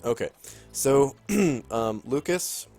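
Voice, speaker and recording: A man running a tabletop game as game master, describing scenes haltingly with many ums and pauses. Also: mid-range voice, animated, mellow, faint music behind. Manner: halting, full of ums and throat-clearing.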